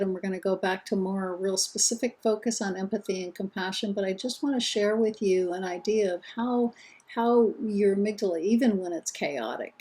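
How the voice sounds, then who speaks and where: A middle-aged woman lectures in a warm, mellow voice. She talks earnestly and conversationally, and often backs up to restart a phrase. Her pitch sits at a middling height for a woman. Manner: earnest, conversational, self-correcting. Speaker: instructor. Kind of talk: recorded course lecture.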